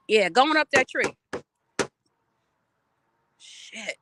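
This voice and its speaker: Animated, blunt woman livestreaming outdoors. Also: mid-range voice, moderate pace, heavy background noise. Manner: animated, emphatic, blunt and profane. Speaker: livestream host. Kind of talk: casual livestream storytelling. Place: outdoors near trees.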